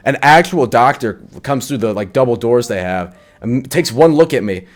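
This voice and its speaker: A man's voice: medium pitch, expressive, moderate pace. A young man telling a personal story in a casual vlog, swearing often and filling it with likes. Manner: casual, profane, full of likes.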